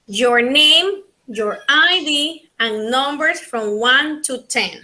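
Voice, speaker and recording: A woman with a Panamanian Spanish accent teaching an online linguistics class in English, her second language, repeating key points slowly. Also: high voice, animated, bright, forceful tone, low-quality recording. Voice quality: slow, repetitive teaching delivery. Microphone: video call.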